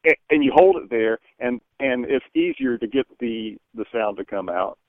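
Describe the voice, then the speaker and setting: A man's voice: mid-range voice, animated, moderate pace, no echo. A man calling into a talk show, explaining at length with many restarts and repeated words. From American South. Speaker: caller. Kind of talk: phone-in call. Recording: phone line.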